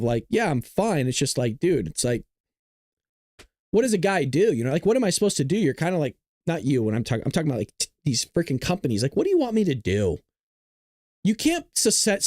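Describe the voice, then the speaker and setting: A man's voice: fairly high pitch, darkish tone, no echo, clean studio sound. A male show host ranting to his live-stream viewers, frustrated and full of profanity, talking straight to his audience.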